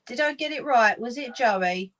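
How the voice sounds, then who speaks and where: A woman's voice: on the high side, lively intonation, moderate pace, fairly bright tone, rough recording. A woman with a Cockney accent who hosts a casual live sewing chat, talking to her viewers as she works and often laughing. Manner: chatty, laughs often, talks to viewers while working. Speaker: sewing livestream host.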